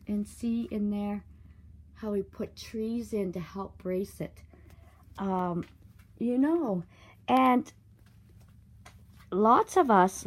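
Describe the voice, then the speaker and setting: A woman giving a walking vlog tour, talking in a slow, earnest, spiritual way and getting choked up at times. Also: medium pitch, a little mellow, poor audio. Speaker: vlogger touring a site. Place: outdoor art site with walk-through rooms.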